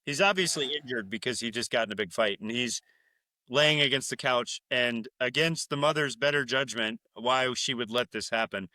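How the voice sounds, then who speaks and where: A man's voice: medium pitch, normal speed, no room sound. A man co-hosting a podcast, recapping a film in casual, profane, rambling chat and laughing as he goes. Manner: rambling, profane, laughing loudly, mimicking characters. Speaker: podcast co-host.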